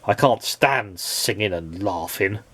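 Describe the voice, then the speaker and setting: A man's voice: lowish voice, expressive, takes it slowly, a bit bright, breathy edge, heavily acted. A man voicing a grumpy, complaining man in a storybook reading, speaking in a scornful, grumbling way.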